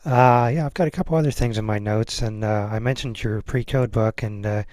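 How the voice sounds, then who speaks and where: Low-voiced male host, dry sound. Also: brisk, dry recording. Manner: relaxed, asks with many fillers. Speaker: podcast host. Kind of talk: interview questions.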